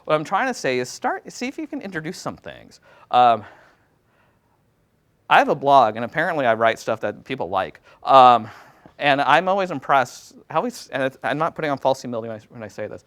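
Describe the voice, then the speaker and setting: A man's voice: mid-range voice, sing-song, a little fast, a bit bright. A man who teaches Latin, giving a casual workshop presentation to other teachers in a self-deprecating, chatty way. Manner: casual, self-deprecating, chatty with many fillers and quoted asides.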